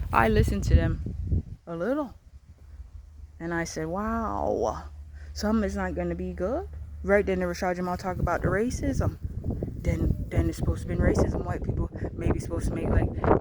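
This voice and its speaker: A woman with a lowish voice rambles through a vlog monologue, repeating herself and swearing as her thoughts drift loosely. Background noise can be heard.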